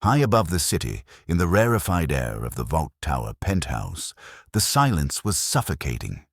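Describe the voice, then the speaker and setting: A man's voice: rumbling low, big pitch swings, moderate pace, dry recording, studio quality. A man giving brooding, theatrical scripted narration of a story.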